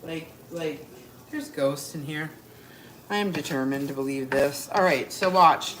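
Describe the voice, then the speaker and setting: A woman's voice: low voice, measured pace, noisy background. A woman hosting a live cooking stream from her home kitchen, brash and joking, talking straight to her viewers. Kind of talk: chatty live cooking demo.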